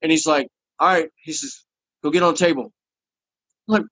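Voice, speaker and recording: A man's voice: on the high side, brisk, slightly rough, no room sound, highs cut off. A man telling a long story in casual chat and acting out the people in it. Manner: animated, acts out the people in his story.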